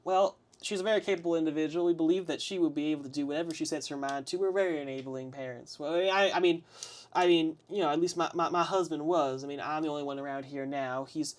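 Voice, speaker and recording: A man's voice: fairly high pitch, steady tone, fast, natural voice. A man voicing a middle-aged farm mother who rambles with many hesitant fillers. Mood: rambling.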